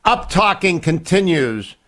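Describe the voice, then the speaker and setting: A man's voice: high voice, big pitch swings, slow, a bit bright. A man in his sixties hosting a radio talk show, joking and bantering with his guests. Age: 60s. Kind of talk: casual radio interview.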